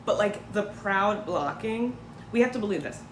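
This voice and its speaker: With a medium-pitched, animated voice and moderate pace, a female host runs a relaxed commentary livestream full of sarcasm and occasional mocking impersonations. The space sounds echoey, with faint ambient noise.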